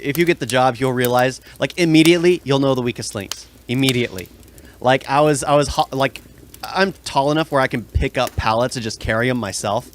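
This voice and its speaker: A young man telling long, rambling work stories in a casual podcast chat. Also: medium pitch. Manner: rambling storyteller, many restarts. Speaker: podcast co-host.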